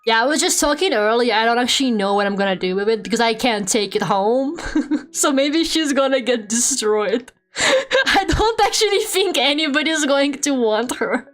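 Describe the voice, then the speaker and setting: A young woman with a Russian accent chatting on a live stream at home, animated, laughing often and swearing freely. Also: a little high, moderate pace. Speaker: VTuber streamer. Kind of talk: casual live-stream chat while drawing. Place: home room.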